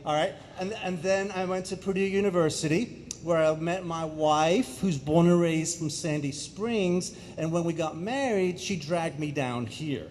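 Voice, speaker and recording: A middle-aged man from England giving an animated talk to an audience in a school hall, joking and asking them questions. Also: high voice, normal speed, slight background noise. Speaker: speaker. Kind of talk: energetic public talk. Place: school auditorium.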